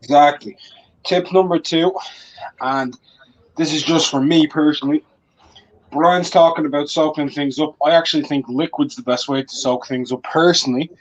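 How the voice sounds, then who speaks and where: A man's voice: a little high, fairly even intonation, normal speed. A man giving crude, emphatic advice in a casual chat on a livestream. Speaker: panel guest on a sports talk stream. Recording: dull lo-fi stream audio.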